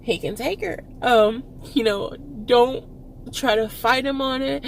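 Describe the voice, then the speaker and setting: Young woman, from Texas, teary and halting, fillers and nervous laughter, slightly high voice, faint room ambience. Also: gravelly, a little hiss or hum. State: tearful, close to crying. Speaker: vlogger. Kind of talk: emotional personal storytelling.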